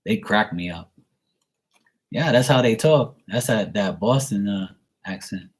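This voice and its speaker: Speaking a little slowly in a fairly low, animated voice, a man from Bermuda reads and answers viewer messages in a casual live chat. He rambles and laughs at himself as he goes.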